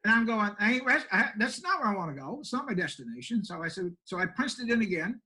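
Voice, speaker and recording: Bright, high-voiced older country pastor. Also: male voice, sing-song, quick pace, husky, poor audio. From Maine, USA. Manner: plainspoken, self-deprecating country storyteller. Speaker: pastor and homeless shelter director. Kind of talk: folksy storytelling in an interview.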